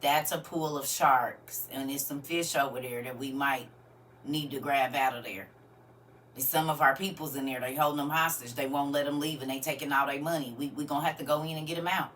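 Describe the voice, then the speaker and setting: A woman's voice: rumbling low, steady tone, a little fast, a bit bright, far from the mic, a little hiss or hum. A woman hosting a live stream, talking casually and half-preachy to her viewers and laughing often.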